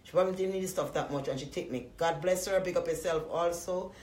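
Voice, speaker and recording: A woman from Jamaica with a Jamaican accent, talking loudly and profanely to her live-stream viewers in a casual, rambling way, often breaking into laughter. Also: fairly low pitch, fast, roomy sound. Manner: profane, loud and animated with frequent laughs.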